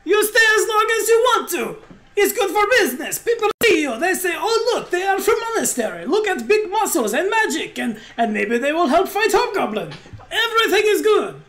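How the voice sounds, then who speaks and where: A woman voicing a short, fat, greedy, jolly male innkeeper creature who shouts in broken English. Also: extremely high pitch, very animated, brisk, pitched above the performer's own voice, exaggerated voice. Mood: boisterous.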